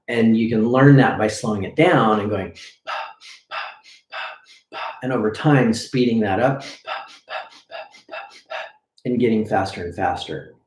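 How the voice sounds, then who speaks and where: A man with a somewhat low voice leads a live breathing lesson, explaining drills and demonstrating them as he goes. He keeps checking in with his listeners with a quick "okay?". The sound carries the echo of a bare room. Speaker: breathing coach. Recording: echoey room.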